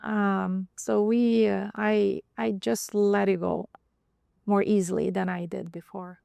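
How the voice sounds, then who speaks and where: Gravelly-voiced reflective woman. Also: medium pitch, flat delivery, takes it slowly, warm tone, no echo. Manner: reflective, hesitant, with frequent ums. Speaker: podcast guest. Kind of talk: casual roundtable chat.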